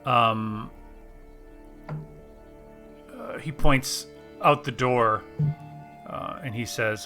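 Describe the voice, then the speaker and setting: A man's voice: mid-range voice, fairly even intonation, very slow, pauses often, pushed and bright, soft background music. A man working as game master, narrating a tabletop game casually and hesitantly, with many fillers and easy laughter.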